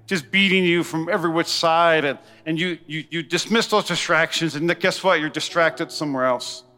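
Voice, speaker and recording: A pastor delivers a sermon in a large church, his voice high, bright and forceful. He speaks to the congregation with quick asides and call-and-response, and long hall reverb rings out over soft music.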